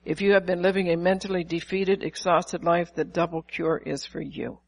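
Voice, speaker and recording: Older woman pastor, animated sermon delivery with asides to the congregation. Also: fairly low pitch, moderate pace, vocal fry, rough recording. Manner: lively preaching with rhetorical questions and acted-out quotes.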